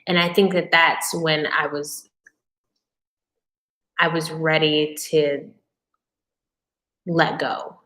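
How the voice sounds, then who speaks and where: A woman's voice: low voice, little pitch movement, slow pace, long pauses, sharp tone, reverberant. A woman hosting a casual live-stream Q&A, answering viewer questions with candid, emotional personal storytelling. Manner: conversational, with frequent fillers and restarts.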